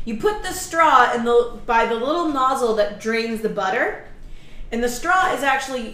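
A woman's voice: fairly high pitch, fairly bright tone, reverberant, rough recording. A woman co-hosting a casual chat, teasing and blunt, telling stories with asides. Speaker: podcast co-host.

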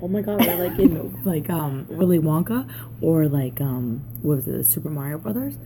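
A woman hosting a podcast, chatting casually and giggly with lots of fillers, her low sultry voice caught on a phone recorder in a mall restaurant. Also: lively intonation, normal speed, dark tone, slight background noise. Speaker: podcast host. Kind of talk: casual chat. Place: large booth in a busy mall restaurant. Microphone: phone voice recorder held up close.

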